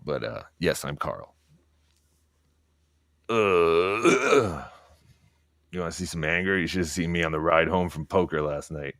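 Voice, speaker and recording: A man's voice: deep voice, expressive, measured pace, long pauses, no echo, clean studio sound. A man livestreaming from home at night, telling rambling stories laced with profanity and keeping his voice down so he won't wake people. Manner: talking quietly so as not to wake others. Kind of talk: casual livestream monologue.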